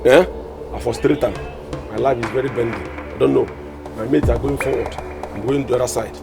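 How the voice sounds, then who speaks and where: An actor playing a hungry, scheming gateman who complains loudly, with a Nigerian accent and pidgin-laced talk. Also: medium pitch, fairly even intonation, brisk, gravelly, close to an everyday voice. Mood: complaining. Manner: loud, indignant, pidgin-laced banter. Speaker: gatekeeper. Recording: film soundtrack with loud music.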